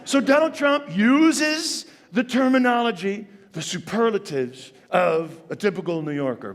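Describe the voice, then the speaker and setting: High-voiced, gravelly stand-up comedian. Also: male voice. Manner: animated, ironic, addresses the audience. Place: comedy theater stage. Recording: long reverb of a stage hall.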